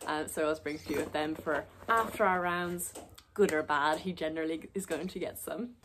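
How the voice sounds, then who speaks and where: A woman's voice: deep voice, brisk, fairly bright tone, a little hiss or hum. A young woman from Ireland with an Irish accent, giving a chatty, upbeat vlog walkthrough. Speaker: vlogger.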